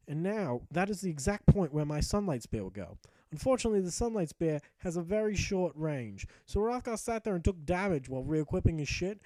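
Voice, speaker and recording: A man's voice: on the high side, very animated, brisk, mellow, no echo. A man giving sarcastic, profane mock-epic narration of a video game playthrough, with joking asides to the audience. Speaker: gameplay narrator.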